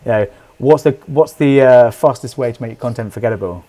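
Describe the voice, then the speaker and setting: Fast-talking, halting male host. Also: mid-range voice, mellow. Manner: upbeat, halting with many restarts and fillers. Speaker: podcast host. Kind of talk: casual interview chat.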